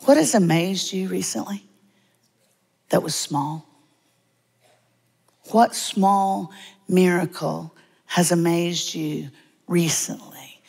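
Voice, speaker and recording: A woman, preaching a humorous, lively sermon in a church sanctuary with dramatic pauses. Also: lowish voice, vocal fry, breathy edge. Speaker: guest preacher. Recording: long hall reverb.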